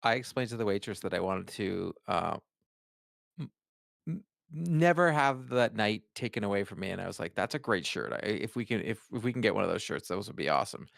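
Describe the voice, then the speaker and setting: A man's voice: lowish voice, animated, fairly quick, gravelly, fairly bright tone, no echo, clean studio sound. A man with a Boston accent, co-hosting a podcast and telling rambling stories in casual chat. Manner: rambling storyteller with many restarts. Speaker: podcast co-host.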